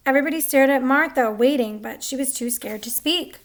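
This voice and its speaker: A woman's voice: sits high, a little fast. A woman reading a picture book aloud, chatty, stopping to comment on the pictures. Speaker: story reader.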